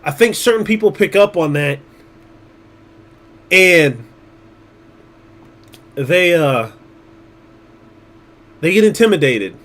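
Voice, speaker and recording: High-voiced blunt male streamer. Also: animated, slow, pauses often, fairly bright tone. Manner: blunt, profane, rambling. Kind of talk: casual livestream chat.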